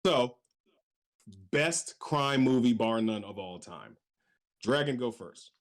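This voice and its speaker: Animated, swearing podcast host. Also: male voice, mid-range voice, slow pace. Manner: swears freely, laughs often, joking. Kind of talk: casual chat.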